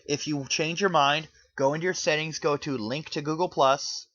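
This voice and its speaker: A man's voice: on the high side, normal speed, fairly bright tone, dry recording, highs cut off. A man giving an earnest, pleading rant to his audience, rambling with restarts as he speaks from the heart. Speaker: YouTuber. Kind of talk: earnest spoken rant to camera. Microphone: home microphone.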